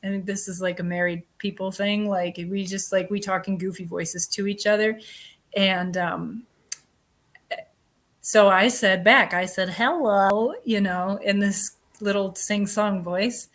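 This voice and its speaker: A woman's voice: mid-range voice, unhurried. Chatty woman telling a story. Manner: chatty, animated storytelling with many "like" fillers. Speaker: guest, storyteller and folklorist. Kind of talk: casual interview chat.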